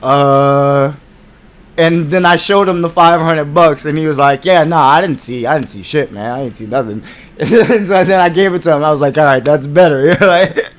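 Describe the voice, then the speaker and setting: A man's voice: a little high, moderate pace. A man co-hosting a podcast, telling a story in casual chat, swearing, laughing and acting out what people said. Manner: profane, laughing, acts out quotes. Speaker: podcast co-host.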